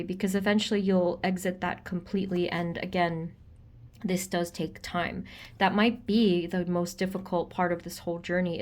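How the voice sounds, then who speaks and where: A woman doing a pick-a-card tarot reading for viewers, gentle and reassuring, chatty, with frequent ums and an easy laugh. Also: mid-range voice. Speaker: tarot reader.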